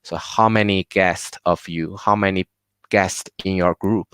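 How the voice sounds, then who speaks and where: A man leads a live online language lesson at an unhurried pace. His voice is smooth and a little low, and he patiently repeats each word for his learners. The sound is dry and close to the mic. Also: steady tone, a bit bright, no echo. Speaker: language teacher.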